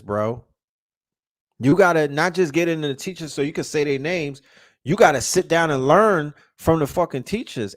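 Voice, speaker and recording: A man's voice: on the high side, dry recording, studio quality. Heated, profane man ranting. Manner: repeats and restarts words when fired up. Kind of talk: casual rant.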